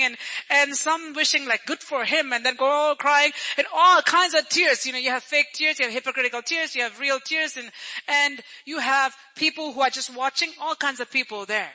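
Male preacher with an unusually high, piercing bright voice, chatty storytelling sermon, repeats lines for emphasis. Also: steady tone, moderate pace, rough recording. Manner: storytelling preacher who acts out crowd voices; conversational, repeats phrases for emphasis.

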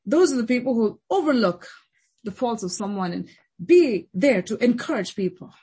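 A woman's voice: on the high side, animated, moderate pace, dark tone, slightly rough, rough recording. A woman pastor preaching a sermon with emphatic repetition and rhetorical questions.

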